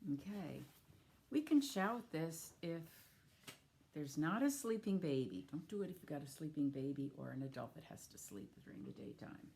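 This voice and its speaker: A woman's voice: low-pitched, animated, a little slow, darkish tone. A woman reading picture books aloud to young children, inviting them to join in the actions and sound effects. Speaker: children's storyteller.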